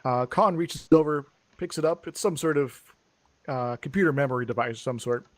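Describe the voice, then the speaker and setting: A man's voice: mid-range voice, a little fast, dry recording. A man narrating a tabletop game as game master, rambling with many fillers.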